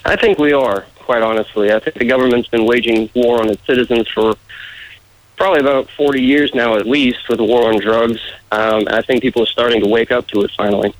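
A man being interviewed, answering in a candid, relaxed way. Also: medium pitch, brisk, low-quality recording. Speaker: interview guest. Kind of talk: casual conversational interview.

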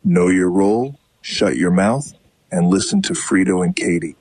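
An AI doing a deep commanding wrestling promo man. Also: expressive, normal speed, darkish tone, dry recording. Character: AI imitation of a wrestling star cutting a promo.

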